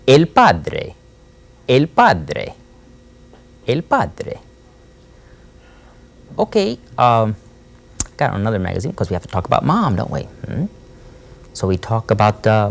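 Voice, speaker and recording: A man leads a Spanish lesson, slowly repeating each phrase for the class to echo. His voice has a gravelly, creaky edge. His pitch swings widely between low asides and high, emphatic prompts. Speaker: Spanish teacher.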